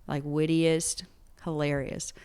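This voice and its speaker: Taking it slowly, this young singer-songwriter speaks in a low, dark, smooth voice with a flat delivery. She's candid and earnest in the interview and uses "like" a lot.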